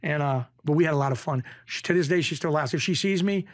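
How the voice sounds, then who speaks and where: Gravelly-talking New man telling stories. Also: fairly high pitch, fast. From Springfield, Massachusetts. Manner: animated storyteller, rough street talk, repeats himself. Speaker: guest. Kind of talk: casual storytelling.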